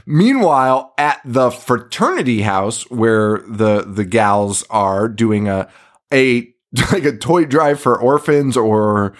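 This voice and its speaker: A man co-hosting a podcast, recapping a movie in casual chat, swearing a lot, laughing and acting out scenes in quick put-on voices. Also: medium pitch, lively intonation. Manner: profane, laughing, acts out scenes in quoted voices. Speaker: podcast co-host.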